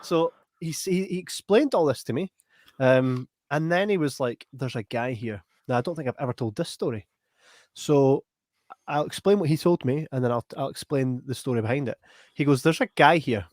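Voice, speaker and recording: A man's voice: mid-range voice, normal speed, no room sound, clean studio sound. Scottish man telling a story. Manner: animated, rambling, repeats "right?". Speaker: podcast host. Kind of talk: casual storytelling chat.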